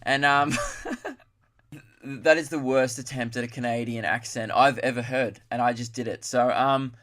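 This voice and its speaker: A man's voice: mid-range voice, fairly even intonation, measured pace, fairly bright tone. A man, hosting a solo comedy podcast, rambling and mocking himself as he jumps between topics. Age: 20s. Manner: rambling, self-mocking, puts on voices for impressions. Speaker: podcast host.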